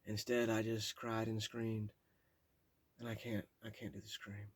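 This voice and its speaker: A man's voice: fairly low pitch, little pitch movement, measured pace, no room sound. A man reading his own memoir aloud in a candid, plain-spoken way, with casual asides. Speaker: memoir narrator.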